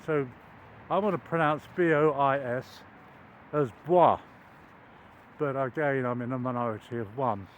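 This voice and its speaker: A man's voice: medium pitch, steady tone, moderate pace, phone-quality sound, slight background noise. An older man telling a meandering, self-deprecating story while walking outdoors, with many ums and restarts. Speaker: vlogger. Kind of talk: rambling anecdotal chat while walking. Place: outdoors in a wooded cricket ground.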